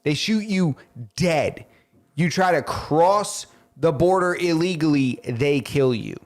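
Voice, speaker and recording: A young man co-hosting a casual bro podcast with a fairly high voice. He tells stories in an animated way and keeps saying bro. He sounds loose and conversational. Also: slow pace. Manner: animated storytelling, calls people bro. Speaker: podcast co-host. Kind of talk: casual chat.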